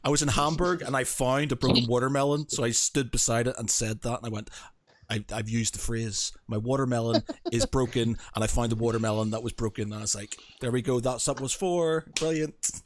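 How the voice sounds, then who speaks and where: A man's voice: medium pitch, fairly even intonation, fairly quick. A man hosting a podcast, chatting casually in a jokey way and laughing easily. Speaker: podcast host.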